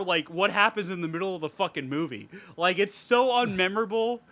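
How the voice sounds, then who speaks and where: A man's voice: sits high, expressive, brisk, sharp tone, dry recording. A young man co-hosting a casual podcast film review, ranting animatedly with plenty of profanity and laughter. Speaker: podcast co-host.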